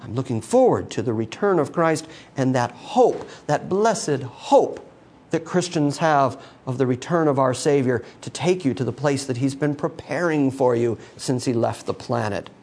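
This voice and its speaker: A man preaching a sermon, emphatic and repetitive, swinging from loud bursts down to quiet, low lines. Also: lively intonation, normal speed, hardly any pauses. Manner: emphatic, repeating words for stress.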